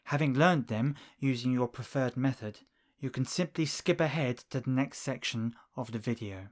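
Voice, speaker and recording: A man narrating a language lesson, slow and deliberate, spelling out words for learners. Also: medium pitch. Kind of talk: scripted instructional narration.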